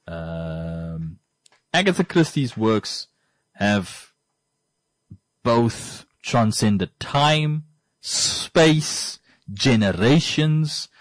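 A man's voice: on the low side, no echo. Emphatic man, dry sound. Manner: rambling, emphatic, repeats points for effect. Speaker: podcast host. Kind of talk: casual monologue.

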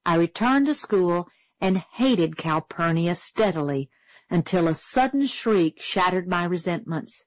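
A woman reading a novel aloud as an audiobook narrator, steady and clear. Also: on the low side, unhurried, no room sound, rough recording. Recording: dry close studio sound.

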